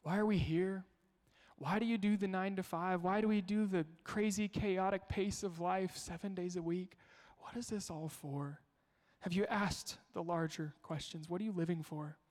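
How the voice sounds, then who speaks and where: Pastor, male, fairly high voice, storytelling sermon with rhetorical questions, echoing in a big hall. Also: steady tone, moderate pace, darkish tone. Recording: long hall reverb.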